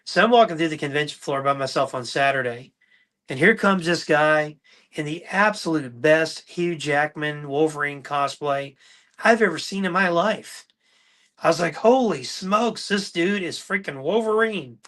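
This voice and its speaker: Animated man with a bright, forceful voice. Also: a little high, moderate pace. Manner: animated anecdotal storyteller, acts out quotes. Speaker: podcast host. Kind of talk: casual storytelling on a livestream.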